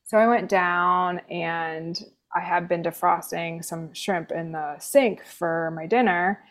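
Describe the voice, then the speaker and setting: A woman's voice: lowish voice, steady tone, slow pace, a bit bright. A woman nurse, a guest in an interview, telling a personal story casually with sarcastic, dry humor and lots of fillers. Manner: chatty, many fillers like "like".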